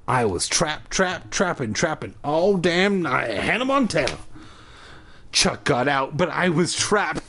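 A man reading a children's horror book aloud for laughs, drinking as he goes and breaking off for profane, mocking asides. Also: a little high. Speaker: reader. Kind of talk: comedic read-aloud of a kids' horror book.

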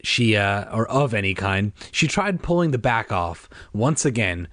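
Expressive man reading a kids' book. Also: fairly low pitch, a little slow, no echo, clean studio sound. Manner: wry asides, expressive. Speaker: reader. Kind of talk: reading a children's book aloud.

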